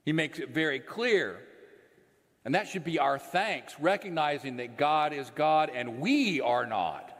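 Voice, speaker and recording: Slow earnest preacher in a reverberant hall. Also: male voice, lively intonation. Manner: slow and earnest, dropping to a low soft voice at phrase ends. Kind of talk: sermon. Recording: long reverb of a large hall.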